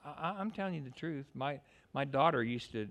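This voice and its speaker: A man preaching a sermon in church, animated, often stumbling into quick restarts. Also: mid-range voice. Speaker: pastor.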